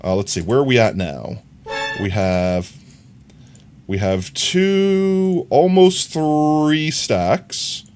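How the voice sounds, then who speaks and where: A man's voice: medium pitch, lively intonation, extremely slow, darkish tone, soft background music. A young man streaming a game live, chatting casually, rambling and correcting himself, often breaking into laughter. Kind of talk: casual live-stream chat while gaming.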